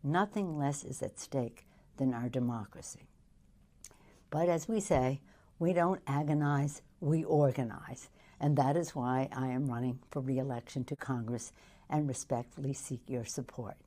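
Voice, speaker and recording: An older woman politician reading a campaign announcement in a slow, deliberate way. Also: rumbling low, warm tone.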